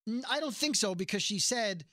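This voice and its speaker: Podcast co-host, male, high bright voice, animated, dry close sound. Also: a little fast, dry recording. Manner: animated storyteller, acts out quotes. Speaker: podcast co-host recapping a TV show. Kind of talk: casual chat.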